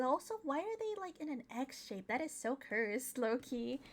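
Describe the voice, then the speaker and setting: A young woman streaming a playthrough of a detective game, excitable, laughing and breaking into loud outbursts. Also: high voice, moderate pace, few pauses, soft background music. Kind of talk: live game playthrough commentary.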